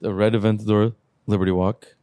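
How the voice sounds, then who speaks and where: A podcast co-host who owns a car shop talks casually in a low, mellow, laid-back voice with little pitch movement and a slightly fast pace. He rattles off lists and drops the occasional swear word. The sound is close and dry, with no echo.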